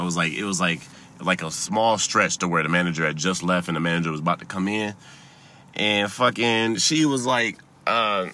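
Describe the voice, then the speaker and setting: A young man casually telling a story, profane and laughing, getting heated and loud as he goes. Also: low-pitched, brisk.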